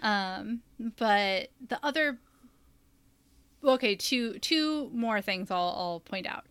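A talkative woman chatting casually, wandering through her thoughts with many fillers and restarts. Her voice sits at a middle pitch and sounds dry and close to the mic. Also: expressive, slow pace, fairly bright tone, smooth, dry recording. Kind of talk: casual chat.

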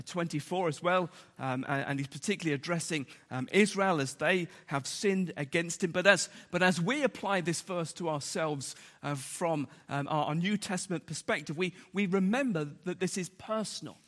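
A man delivers a sermon in earnest, repeating key words for emphasis and pausing on fillers. His voice sits a little high for a man. The recording carries the long reverb of a church hall. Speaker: preacher.

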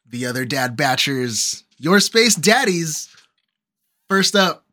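Guy hosting a podcast, bright sharp voice, jokey intros, laughs a lot. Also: a little high. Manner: laughs often, playful introductions. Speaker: podcast host. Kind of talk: casual chat.

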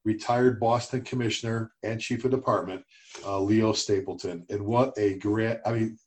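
A middle-aged man co-hosting a casual talk show, telling stories and getting animated when he quotes others. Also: lowish voice, moderate pace. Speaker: podcast co-host. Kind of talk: casual conversation.

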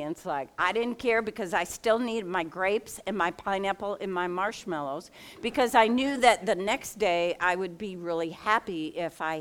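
A middle-aged woman speaks in a candid, conversational storytelling voice, with fillers and false starts. Her pitch sits slightly low for a woman. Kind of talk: personal storytelling.

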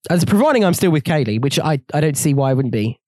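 A young man, co-hosting a podcast in crude, casual banter, laughing often and swinging between loud bursts and low mutters. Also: fast, dry recording, studio quality. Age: young adult. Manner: animated, jumps between shouting and low mumbling, laughs often. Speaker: podcast co-host.

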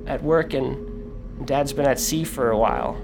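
A man's voice: mid-range voice, unhurried, gravelly, music in the background, voice pushed up. A man voicing a timid young boy in a tabletop game, stammering nervously. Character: young red-haired human boy, nervous.

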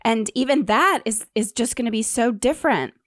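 A woman's voice: fairly high pitch, moderate pace, a bit bright, dry recording. Woman chatting on a podcast, dry sound. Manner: supportive listener, frequent agreement sounds, laughs. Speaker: podcast co-host. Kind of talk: casual chat.

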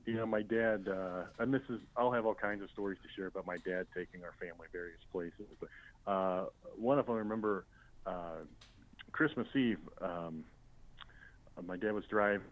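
A man, a comedian guest, telling comic anecdotes in an interview with a deadpan delivery and many fillers and restarts. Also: lowish voice. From Illinois. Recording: dull lo-fi sound.

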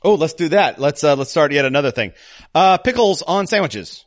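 A man's voice: fairly high pitch, moderate pace, no echo, studio quality. A man in his forties hosting a casual movie podcast, joking and laughing as he talks. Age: 40s. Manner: animated, laughing, jokey. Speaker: podcast host.

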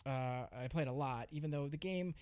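A man's voice: fairly high pitch, normal speed, a little mellow, clear, resonant tone. A man hosting a podcast in casual chat, telling stories about himself in a chatty, self-deprecating way. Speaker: podcast host.

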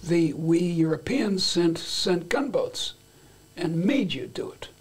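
A man's voice: sits high, animated, slow, husky. An older man as an interview guest, talking in a rambling, playful way with many restarts. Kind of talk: conversational interview.

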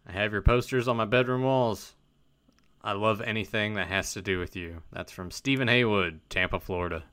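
A man's voice: fairly low pitch, pushed and bright, smooth, no echo, clean studio sound. A man co-hosting a casual podcast, reading fan letters and giving wry, blunt opinions on them. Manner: wry, blunt, quick to call things bullshit. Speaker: podcast co-host.

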